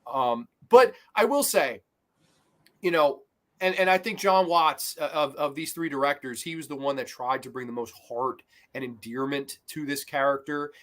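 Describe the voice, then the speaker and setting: A man in casual podcast chat about movies, animated and swearing freely, often trailing off into fillers. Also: medium pitch, normal speed. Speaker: podcast co-host.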